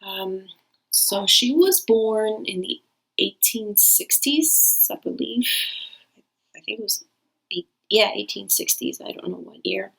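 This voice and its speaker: A woman's voice: medium pitch, expressive, slow, gravelly, a bit bright, breathy edge, poor audio. A woman hosting her own reading channel, talking casually and rambling to her viewers with frequent restarts. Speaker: tarot reader and channel host. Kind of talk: casual talk to camera.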